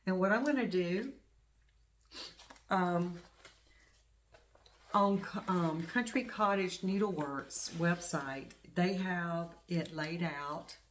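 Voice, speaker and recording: There's slight background noise as a middle-aged woman with a fairly low voice speaks slowly, leaving long pauses. Hosting her craft channel, she rambles chattily through a show-and-tell, gushing over small details of her stitching projects.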